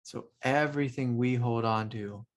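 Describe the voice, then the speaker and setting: A man, a spiritual teacher, giving a loose, reflective talk, often saying "like" and laughing softly. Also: medium pitch, normal speed.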